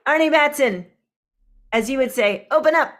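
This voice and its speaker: A woman hosts a group sing over a video call, reading out participants' names and places with light, chatty asides. Her voice sits a little high. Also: animated, a little slow. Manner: chatty, warm roll call with small asides. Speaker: host of an online group sing.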